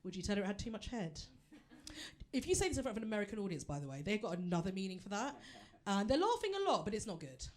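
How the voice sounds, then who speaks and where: A woman's voice: mid-range voice, sing-song, fast, a little mellow. Chatty woman doing stand-up. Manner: chatty, self-deprecating, addresses the audience directly. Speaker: stand-up comedian. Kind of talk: stand-up comedy set. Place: theatre stage before a live audience.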